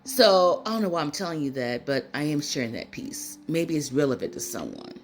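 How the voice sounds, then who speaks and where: A woman's voice: low voice, sing-song, fairly quick, noisy background. Tearful woman talking into her phone. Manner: rambling, personal, with many fillers and asides. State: tearful, near crying. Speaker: spiritual channel host. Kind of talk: casual spiritual talk to viewers.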